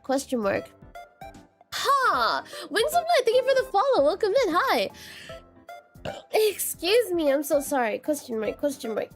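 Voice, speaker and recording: Lively chatty woman streamer. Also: high voice. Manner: rambling, reads chat aloud, repeats "question mark"; animated, quick laughs and bursts of excitement. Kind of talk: casual live-stream chat.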